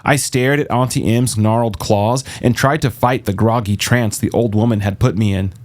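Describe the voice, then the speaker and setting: Low-voiced man reading an audiobook. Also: steady tone, moderate pace, darkish tone. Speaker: audiobook reader. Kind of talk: first-person audiobook narration.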